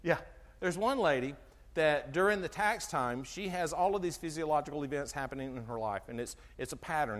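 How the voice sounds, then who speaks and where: Middle-aged guy doing a health talk to a crowd, bouncy high voice, lots of echo from the hall. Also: a little fast. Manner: animated, asks the audience questions, acts out dialogue. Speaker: chiropractor giving a health talk. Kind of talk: sermon-like health talk to an audience. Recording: long hall reverb from a live talk.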